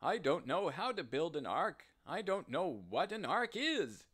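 A man voicing Noah as a kind, anxious old farmer, speaking high and urgently. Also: sing-song, measured pace, a bit bright, husky, exaggerated voice. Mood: pleading.

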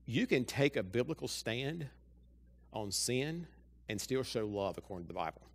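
A man's voice: mid-range voice, normal speed. A male pastor preaches a sermon in church, talking straight to the congregation and asking it one question after another. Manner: lively, talks straight to the congregation with many rhetorical questions. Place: church sanctuary.

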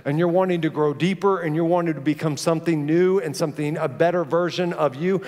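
A middle-aged pastor with a high voice preaches to his congregation, mixing lively stories with pointed questions. His words ring out through a large church auditorium with a long, trailing reverb. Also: fast talker. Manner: animated storytelling with direct questions to the congregation. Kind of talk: sermon.

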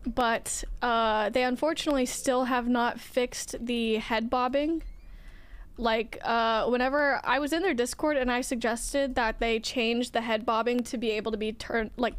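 A young woman streaming a game, chatting casually and softly with her viewers in a gushing, sing-song way. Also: a little high, clear, resonant tone. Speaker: livestreamer. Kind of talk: casual chat with viewers while gaming.

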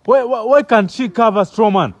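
A young man with a Kenyan accent giving excited, comedic play-by-play commentary on wrestling, exclaiming and repeating himself. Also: high voice, moderate pace.

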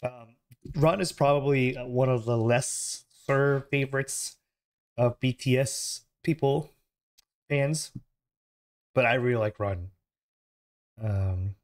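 A hoarse man hosts his reaction channel in an easy, casual chat, his voice still worn from an illness. He rambles and corrects himself mid-sentence and apologizes along the way. He speaks at an ordinary middle pitch, recording at home while the house sleeps.

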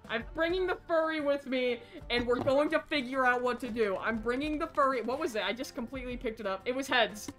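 Bright-voiced woman streamer, yelling in frustration. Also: sits high, fairly quick, few pauses, faint music behind. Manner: frustrated, confused shouting between mutters. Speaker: game streamer. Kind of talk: casual gaming stream commentary.

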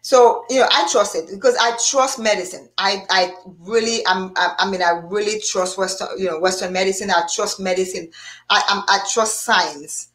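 Speaking at a normal speed in a mid-range voice, a female show host keeps a live chat casual and free-flowing. She is animated, laughs in bursts and frequently starts her sentences over.

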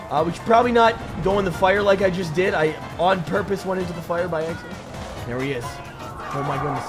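A young man streaming a game, joking and reacting excitedly to the action. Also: high voice, quick pace, music in the background. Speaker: gaming streamer. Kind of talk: let's play commentary.

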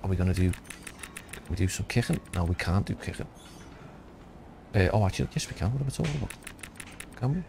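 A deep-voiced man from the Liverpool area commentates casually over a fighting game. He rambles, swears and thinks aloud, with faint noise in the background. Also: expressive, fairly quick, gravelly, long pauses, darkish tone. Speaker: gaming youtuber.

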